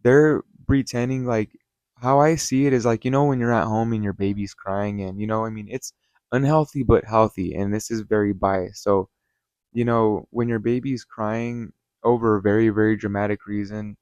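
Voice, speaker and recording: Low-voiced guy ranting through a story-time review, dry close sound, swears a lot, rambly. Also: steady tone, normal speed, a little mellow, smooth, no room sound. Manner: rambling and heated, with frequent swearing and "you know". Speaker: channel host.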